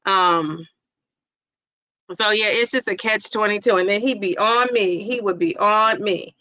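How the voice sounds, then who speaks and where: A woman's voice: mid-range voice, unhurried, bright, forceful tone, no echo, poor audio. A middle-aged woman hosting a casual livestream, chatting, reading viewer comments aloud and laughing often. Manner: chatty, laughs often, exclaims "Jeez Louise". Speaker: livestream host.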